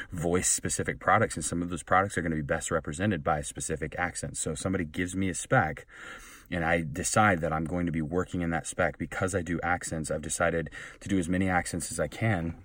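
Brief: man with a very low, deep voice, earnest rambling vlog talk, sitting back from the mic in a dead, dry booth. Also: fairly even intonation, brisk, a bit bright, dry recording, distant mic. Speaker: professional voice actor. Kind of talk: casual vlog chat. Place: small recording booth.

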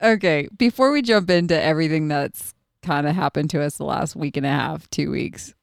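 A chatty woman in her thirties hosts a casual podcast, laughing often as she banters with her guest. Her voice is smooth and a touch low, recorded close and dry. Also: normal speed, no echo. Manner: bubbly, giggly, chatty. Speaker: podcast host. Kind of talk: casual chat and self-read ad.

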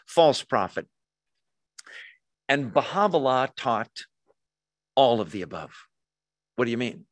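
A man's voice: medium pitch, very animated, takes it slowly, dry recording. Conversational man preaching a sermon. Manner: conversational, asks the audience questions. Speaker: pastor.

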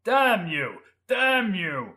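A man's voice: high voice, expressive, slow pace, pitched above the performer's own voice, exaggerated voice. Man doing raging villain von Grunkel. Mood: furious. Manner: furious shouting. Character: angry raging male scientist villain.

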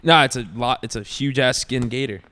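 A man's voice: medium pitch, steady tone, brisk, sharp tone. A man in casual podcast banter, swearing and rambling loosely.

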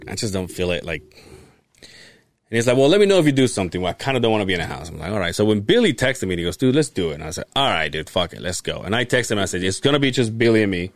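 A man tells a story with a lively, swinging voice. He swears freely and laughs as he talks. The sound is dry and close, as on a podcast mic. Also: on the low side, fast talker, dry recording. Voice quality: animated, swears freely, laughs while telling. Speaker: podcast co-host. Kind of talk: casual storytelling chat.

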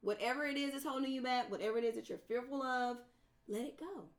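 A woman's voice: high voice, fast talker. A woman co-hosting a podcast, talking in a sassy, playful, slangy way. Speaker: podcast co-host. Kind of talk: casual podcast chat.

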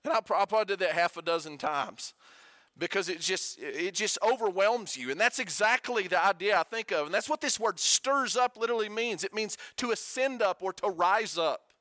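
A man preaching a sermon as pastor, conversational, asking the congregation questions and dropping to a quiet hush for emphasis. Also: high voice, expressive, normal speed, dry recording.

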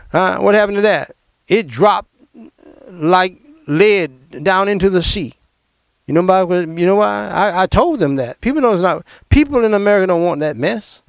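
A man preaching a fiery sermon as pastor, emphatic and confrontational, with sudden loud outbursts. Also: high voice, expressive, unhurried, vocal fry, long pauses, smooth, no echo.

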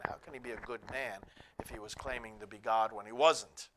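A man preaching a sermon, emphatic, rising to near shouts on key phrases. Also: mid-range voice, normal speed, a little hiss or hum.

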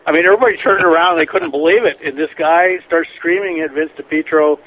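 A man being interviewed as a scientist guest on a radio show, telling stories in a rambling, animated way with many restarts. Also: a little high, fast, slightly rough. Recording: dull lo-fi radio broadcast with faint noise.

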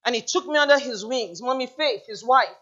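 High-voiced woman preaching a passionate sermon. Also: a little fast, a bit bright, dull audio. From United States. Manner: impassioned preaching, rhetorical questions to the congregation. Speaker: pastor. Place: church.

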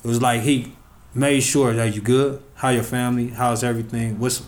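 Relaxed young man telling stories. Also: medium pitch, normal speed. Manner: relaxed and rambling, slangy, with frequent fillers. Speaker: guest. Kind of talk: casual storytelling interview.

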